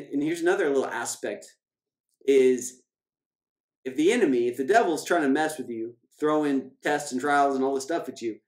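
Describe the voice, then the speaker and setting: A financial coach delivers an emphatic, motivational talk on scripture, repeating key phrases and slowing down when he reads verses. His voice is fairly high, and the room he's recorded in is echoey.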